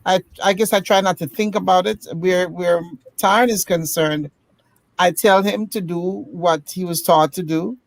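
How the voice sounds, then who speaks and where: Woman, panelist, measured advice, dry recording. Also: lowish voice, steady tone, vocal fry, no echo, poor audio. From United States. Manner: measured, gives practical advice. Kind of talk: casual panel discussion.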